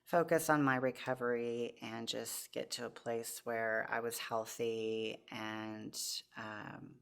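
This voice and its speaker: A woman's voice: very deep voice, flat delivery, takes it slowly, vocal fry, clear, resonant tone. A woman in her forties, a podcast guest, earnestly telling her personal testimony with many restarts.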